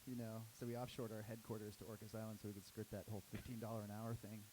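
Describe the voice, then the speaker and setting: A man, a startup co-founder, telling a story casually on a panel, animated and full of "like"s. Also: lowish voice, racing, a little hiss or hum, low-quality recording. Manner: animated, many "like"s and restarts.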